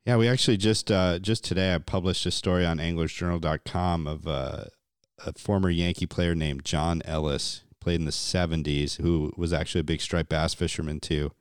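A man's voice: low-pitched, fairly even intonation, moderate pace, clear, resonant tone, dry recording, clean studio sound. A man hosting a casual interview, friendly and easygoing, laughing along with his guest. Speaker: podcast host.

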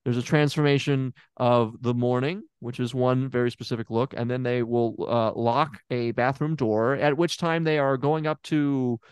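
Guy doing a clueless therapist, smooth voice, dry sound, lots of uh and stammering. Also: mid-range voice, fairly even intonation, moderate pace, hardly any pauses, no echo, lightly acted. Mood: deadpan. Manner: hesitant, stammering, confidently absurd. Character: bumbling fake male therapist. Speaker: therapist in improv scene. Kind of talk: improv comedy scene.

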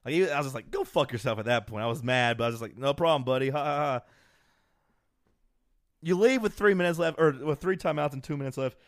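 A man's voice: medium pitch, very fast, few pauses, dry recording. A man co-hosting a casual chat, telling a story with energy and acting out quotes. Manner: animated storyteller, acts out quotes, laughs often. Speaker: podcast co-host.

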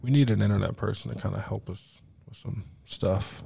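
A man hosting a home podcast, telling an animated, profane story in casual chat and acting out the voices of the people he quotes. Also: lowish voice, brisk, gravelly, husky. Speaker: podcast host.

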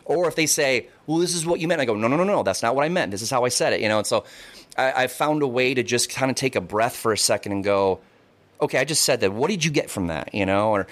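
A man's voice: mid-range voice, fast talker. A man in casual podcast chat, rambling and swearing freely, often repeating words as he tells stories.

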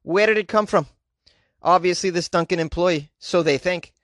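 A man's voice: sits high, moderate pace, a bit bright, dry recording. A man reading news items in an exaggerated Boston accent, with mock-outraged asides. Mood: mock-serious. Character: man doing an over-the-top Boston-accented news reader.

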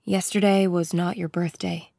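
A tired, scarred middle-aged man, played by a woman narrator, speaks calmly and wearily in an audiobook. The sound is close and dry. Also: lowish voice, normal speed, creaky, no room sound. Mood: weary. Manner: calm and weary.

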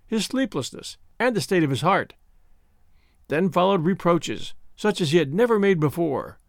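A man narrating a classic short story in an expressive, measured reading voice. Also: a little high, no room sound, clean studio sound.

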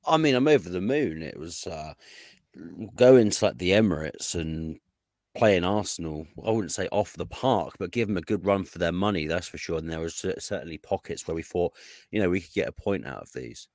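A man's voice: sits low, expressive, moderate pace, a little mellow, dry recording, studio quality. A man chatting casually as a podcast guest, rambling with fillers and restarts. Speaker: podcast guest, Fulham fan. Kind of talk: casual football podcast chat. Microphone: podcast microphone.

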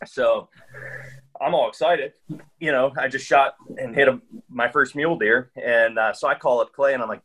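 A man's voice: medium pitch, normal speed, a bit bright, poor audio. A man telling a long hunting story in casual chat, rambling along with frequent restarts and fillers. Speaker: guest hunter.

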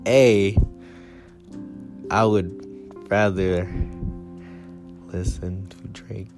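A man hosting a podcast, ranting casually and profanely, his voice jumping high when he gets heated as he paces a small room. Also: fairly even intonation, drawn-out words, over music. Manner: profane, heated ranting with big pitch jumps. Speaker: podcast host. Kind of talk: casual solo rant. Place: small room with door closed.

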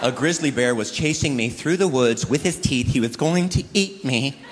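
A man's voice: mid-range voice, moderate pace, in a large hall, noisy background. A man performing a stand-up routine before a live audience, acting out both sides of married bickering with big comic outbursts. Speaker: stand-up comedian. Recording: live club recording with crowd laughter.

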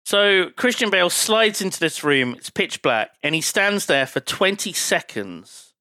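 Man, podcast host, fairly high voice, casual sweary chat, acts out sound effects. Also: unhurried, no echo. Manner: animated, sweary, recaps scenes with sound effects. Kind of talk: casual film review chat.

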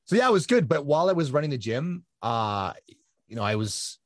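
A man in his fifties telling his story in a casual interview, animated, with many fillers and restarts. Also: medium pitch, brisk, no room sound, clean studio sound. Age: 50s. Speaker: guest, ultra-endurance triathlete.

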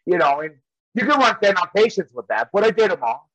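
A man's voice: high-pitched, sing-song, quick pace, crowd noise, poor audio. A man and former wrestler telling rambling stories in casual chat, often laughing as he goes. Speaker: professional wrestler and trainer.

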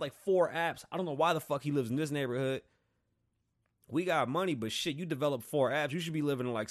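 A man in his thirties hosting a casual monologue, telling stories in a profane, animated and rambling way. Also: fairly high pitch. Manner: rambling, digressive. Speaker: podcast host.

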